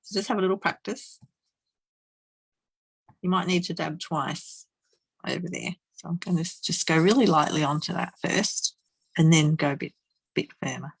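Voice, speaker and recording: Chatty, giggly female crafter with a low, husky, gravelly voice, talking through a live demo. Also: moderate pace, long pauses, no room sound, low-quality recording. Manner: chatty, giggly, murmurs to herself while working. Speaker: card-making demonstrator.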